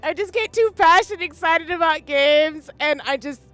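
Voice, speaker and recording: Woman, game streamer, crying, high voice, overwhelmed and gushing, close desk mic. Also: normal speed, loud music behind the voice. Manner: gushing and overwhelmed, swinging between wailing and mumbling. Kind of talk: live gameplay reaction. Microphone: desk microphone.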